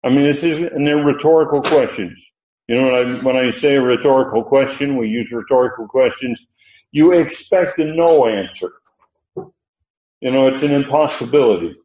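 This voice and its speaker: An older man teaching a Bible study as a preacher, unhurried and halting, with many fillers. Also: mid-range voice, darkish tone. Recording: roomy, dull lo-fi sound.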